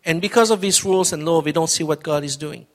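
A man's voice: on the high side, fast talker. A middle-aged man preaching as a pastor, telling his testimony in an earnest, conversational way, often repeating words. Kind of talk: testimony sermon.

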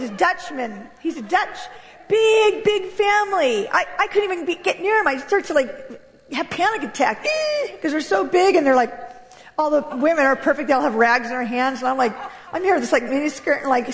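Animated high-voiced woman giving testimony. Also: moderate pace, in a large hall. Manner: animated, candid, laughing often. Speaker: guest speaker giving testimony. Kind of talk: church testimony. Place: church hall.

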